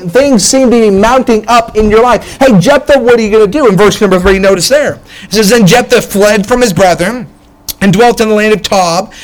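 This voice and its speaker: A middle-aged man with a notably high voice delivers a lively sermon. He talks in bursts of exclamation, often throwing in "hey" and "man" as he presses his points. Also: poor audio. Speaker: preacher.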